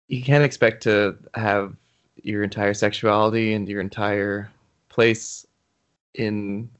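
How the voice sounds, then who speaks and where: A young man answering interview questions in a thoughtful, hesitant way, restarting his sentences. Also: fairly low pitch. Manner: thoughtful, hesitant, restarts often, gets emotional. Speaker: interview guest, YouTuber.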